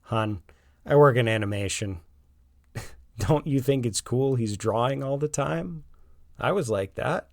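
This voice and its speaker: A man's voice: medium pitch, a little slow, pauses often, a little mellow, no room sound, clean studio sound, voice pushed up, close to an everyday voice. A man voicing a cheerful, teasing suburban father who works in animation. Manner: playful, teasing.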